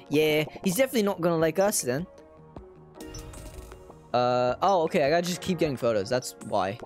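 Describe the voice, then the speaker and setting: Giggly female gaming streamer with a lively, animated voice who swears casually and reads game text aloud. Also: low-pitched, brisk, pauses often, faint music behind. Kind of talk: casual live-stream commentary.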